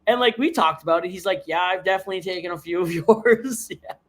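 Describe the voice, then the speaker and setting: A man from Canada hosting a podcast, telling profane stories in a casual chat with big jumps in pitch. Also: fast. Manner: profane, animated storyteller with big pitch swings. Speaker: podcast host.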